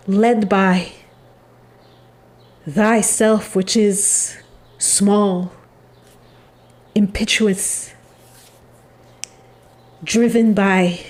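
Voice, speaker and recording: A woman voices a penitent family member who comes through in a channeled spiritual reading, full of regret. The delivery is slow and heavy, with long halting pauses. The pitch sits in a moderate middle range. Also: darkish tone. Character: remorseful family member pleading for forgiveness.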